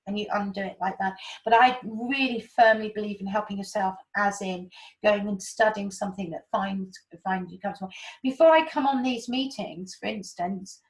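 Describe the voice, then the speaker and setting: A woman giving animated, chatty spiritual guidance and explaining with homely analogies. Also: mid-range voice, moderate pace, low-quality recording. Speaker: spiritual guide. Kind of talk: casual spiritual talk.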